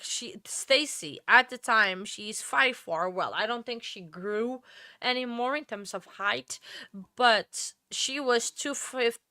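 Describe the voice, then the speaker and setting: Woman host, bright voice, dry close mic, tired, chatty crime-stream commentary. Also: on the high side, dry recording. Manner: chatty, rambling, apologetic asides. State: tired, yawning. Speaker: true crime livestream host. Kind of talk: casual commentary on a court livestream.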